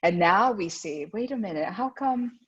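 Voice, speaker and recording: A woman's voice: medium pitch, animated, normal speed, husky. A woman giving a presentation to parents as a guest speaker at a school. She often checks in with "right?" and acts out the voices she quotes. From United States. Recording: dull lo-fi sound.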